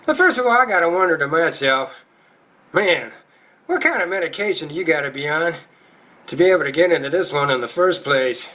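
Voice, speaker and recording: A man's voice: on the high side, expressive, a little fast, sharp tone. A male stand-up comedian telling a crude, profane routine in a rowdy storytelling manner.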